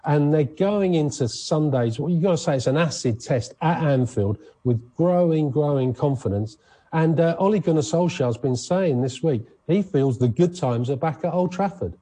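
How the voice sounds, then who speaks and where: A man's voice: a little high, animated, normal speed, mellow, husky. Chatty male radio sports presenter. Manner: chatty, rambling, frequent restarts. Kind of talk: casual radio sports chat.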